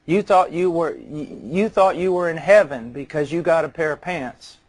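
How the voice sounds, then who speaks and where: A man's voice: fairly high pitch, normal speed. A man preaching a sermon, telling stories conversationally and building to earnest intensity, often repeating words as he starts a phrase.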